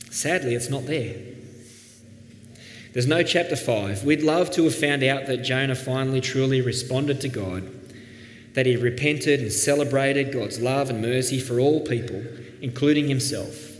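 A man preaching a sermon as pastor, earnest, dropping soft and then rising with emphasis. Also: mid-range voice, unhurried, long pauses. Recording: echoey hall, faint background noise.

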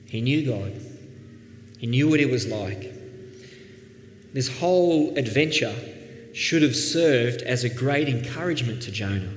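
A man preaching a sermon as pastor, earnest, dropping soft and then rising with emphasis. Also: medium pitch. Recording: echoey hall, faint background noise.

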